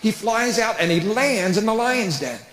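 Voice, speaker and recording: Stand-up man, lively storyteller, recorded in an echoey church hall with long reverb. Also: sits high, moderate pace. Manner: storytelling with big animated voices. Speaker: comedian. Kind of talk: stand-up comedy talk. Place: church hall with live audience.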